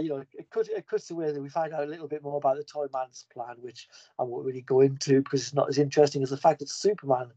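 Brief: enthusiastic male podcast host, mellow, rambling, dry lo-fi sound. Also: medium pitch, no echo. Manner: enthusiastic, rambling, with frequent restarts. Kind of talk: casual comic book recap. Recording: dull lo-fi podcast audio.

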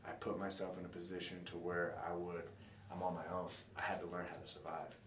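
A young man with a low, deep voice tells his story as an interview guest, swearing freely and acting out old conversations. He sits back from the mic in an echoey room, with a faint hiss underneath. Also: fairly quick. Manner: animated, profane, acts out dialogue. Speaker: guest, professional fighter. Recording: roomy echo, distant mic, faint noise.

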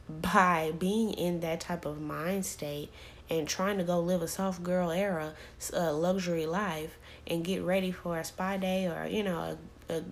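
A woman's voice: lowish voice, vocal fry, a little mellow, slight background noise. A woman hosting a parenting podcast, talking in a casual, chatty rant with many fillers and repeated words. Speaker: podcast host.

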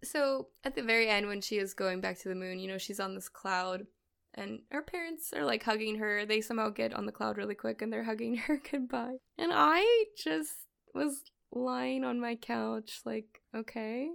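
A woman co-hosting a podcast, talking in a relaxed, chatty way and laughing easily through her stories. Her voice sits a little high and has a gravelly fry running through it. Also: normal speed. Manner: chatty, often laughing while telling stories. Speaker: podcast co-host. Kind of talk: casual chat.

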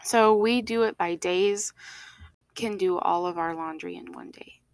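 A woman's voice: fairly low pitch, unhurried, vocal fry, no room sound. A woman co-hosting a podcast in casual chat, talking with many fillers and frequent laughs. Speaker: podcast co-host.

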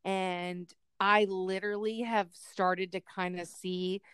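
A woman's voice: medium pitch, slow pace, clear, resonant tone, no room sound. A young adult woman co-hosting a podcast, telling a family story in casual chat and acting out relatives' voices. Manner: animated, does loud voices of family members in her stories. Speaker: podcast co-host.

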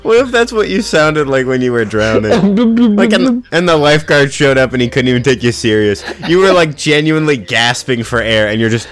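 A man's voice: mid-range voice, very animated, brisk, faint music behind. A young man co-hosting a podcast over a video call, joking around and laughing a lot in casual chat. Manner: goofy, giggly, joking around. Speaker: podcast co-host.

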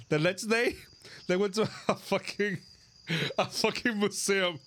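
A man's voice: on the high side, normal speed. A man co-hosting a casual podcast, telling stories with lots of swearing and laughter, recorded outdoors at night. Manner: animated storyteller, swears, laughs a lot. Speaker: podcast co-host. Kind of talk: casual chat. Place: outdoors at night, crickets behind. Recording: faint outdoor insect noise.

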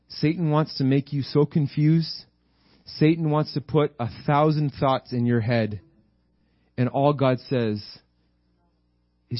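Man, preacher; fervent sermon delivery, higher-pitched, dull dry recording. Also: fairly even intonation, takes it slowly, long pauses, no room sound. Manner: fervent, repetitive emphasis, calling out "Amen?".

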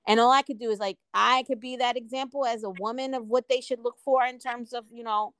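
A woman's voice: a little high, steady tone, fairly quick, fairly bright tone, no echo. A woman co-hosting a podcast, talking in a reflective, earnest casual way. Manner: reflective, earnest, many "like" fillers. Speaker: podcast co-host. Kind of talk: casual chat.

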